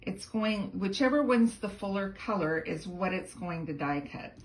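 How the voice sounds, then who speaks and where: A woman's voice: mid-range voice, expressive, moderate pace, echoey room, a little hiss or hum, rough recording. A woman teaching a card-making tutorial in a chatty, enthusiastic way, gushing over the details as she works. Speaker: crafting instructor.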